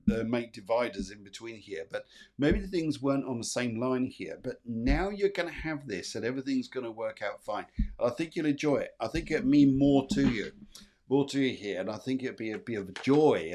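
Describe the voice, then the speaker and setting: A man's voice: medium pitch, a little mellow. A middle-aged man hosting a live-streamed psychic show, reading out viewer comments and giving reassuring readings with many fillers and repeats. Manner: reads viewer comments aloud. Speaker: psychic medium.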